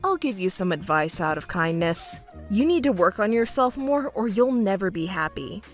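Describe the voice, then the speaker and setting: A woman's voice: medium pitch, big pitch swings, moderate pace, faint music behind, pitched below the performer's own voice, close to an everyday voice. A woman voicing an arrogant young fiancé who talks down to his partner in a scolding, condescending way. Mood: scornful. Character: arrogant self-important young man, fiancé. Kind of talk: texting story voice acting.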